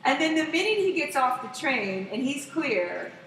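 High, bright, excitable woman storyteller. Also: moderate pace. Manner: profane, excitable, acts out quotes loudly. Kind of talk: animated casual storytelling. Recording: echoey room, distant mic, faint noise.

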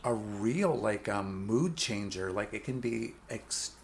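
A woman's voice: very deep voice, animated, takes it slowly. Rambling woman on a noisy radio mic. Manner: rambling, many fillers. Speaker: radio show co-host. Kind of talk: casual radio chat. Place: radio studio. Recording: noisy studio recording.

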